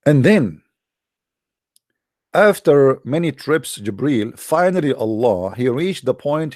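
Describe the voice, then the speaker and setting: A man's voice: medium pitch, expressive, slow, a little mellow, no room sound, clean studio sound. A man delivering a mocking, sarcastic monologue to viewers in broken, non-native English. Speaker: online commentator.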